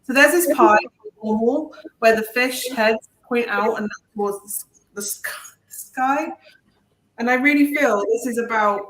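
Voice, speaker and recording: A woman's voice: fairly high pitch, fairly bright tone. A woman delivers a spiritual reading over a video call, rambling and reassuring as she goes. Her voice echoes in the room, with a faint hiss beneath it. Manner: meandering, earnest, reassuring. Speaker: intuitive reader.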